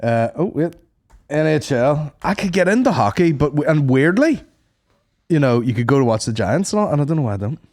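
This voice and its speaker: A man co-hosting a podcast, chiming in with quick wisecracks and swearing in casual banter. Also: on the high side, lively intonation, darkish tone. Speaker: podcast co-host.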